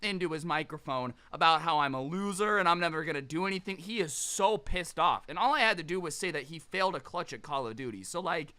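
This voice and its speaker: A young man telling a casual storytime with a sarcastic, animated delivery. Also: on the high side, a little fast, few pauses.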